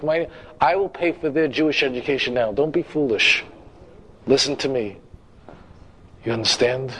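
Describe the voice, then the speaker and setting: Emphatic male rabbi, higher voice. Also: poor audio. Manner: emphatic, repeats phrases for effect; humorous asides, direct questions to audience. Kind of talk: sermon-style lecture.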